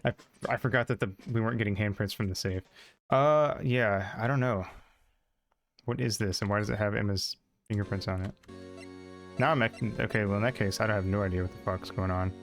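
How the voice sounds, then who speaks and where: A man's voice: fairly low pitch, fairly quick, faint music behind. A man streaming a game, reading the dialogue aloud and commenting casually, with frequent swearing and stammering restarts. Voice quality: profane, stammering.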